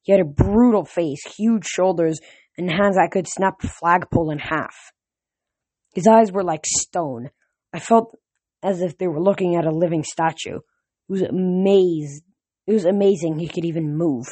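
A reader narrating a fantasy novel in first person, in the manner of a home audiobook. The reader stumbles now and then and restarts words, but keeps a steady storytelling voice. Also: medium pitch, normal speed.

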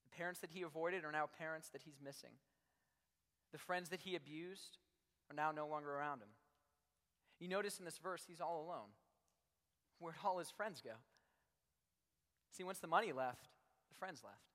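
Speaking at a moderate pace with long pauses, this young man's voice sits on the high side and sounds a bit bright. He is a youth pastor giving an animated, chatty sermon full of "like" to young people in a large room, captured with long hall reverb.

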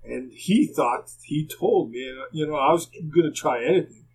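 A man's voice: on the high side, expressive, normal speed, a little mellow, a little hiss or hum, rough recording. An older man, a former hockey player rambling through plainspoken anecdotes as a podcast guest. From Canada. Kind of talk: casual storytelling.

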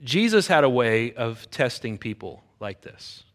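A middle-aged man preaching a sermon, leading into his point through an animated personal story. His voice sits in an ordinary middle pitch. He moves between plain narration and acted-out quotes of the people in the story. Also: a little slow. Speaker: pastor.

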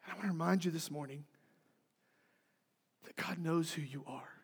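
A high-pitched male pastor preaches a sermon, telling a story with dramatic swings from forceful emphasis to near-hushed intimacy. The sound carries the long reverb of a church hall. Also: normal speed, vocal fry, husky.

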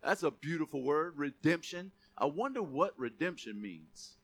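A man's voice: fairly high pitch, very animated, normal speed, a bit bright. A man preaching a sermon, conversational and then emphatic, calling on the church to repeat key words. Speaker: pastor.

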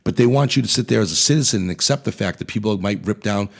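A man with a very low, gravelly voice that has plenty of fry. He rants about politics on his podcast in a blunt, profane way. His tone is husky and rough throughout. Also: quick pace. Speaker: podcast host. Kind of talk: ranting political commentary.

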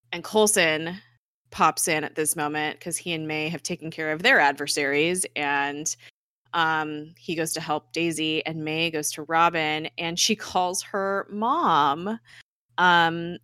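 A woman recapping a TV episode in casual chat, animated, acting out characters' lines, laughing and swearing as she goes. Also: low voice, no echo, clean studio sound. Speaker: podcast co-host recapping a TV episode.

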